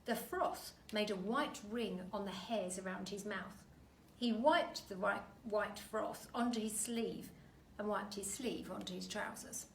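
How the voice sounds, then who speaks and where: A woman teacher reading a children's story aloud in a slow, expressive storytelling way, recorded at a distance in an echoey room with a faint hum behind. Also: medium pitch.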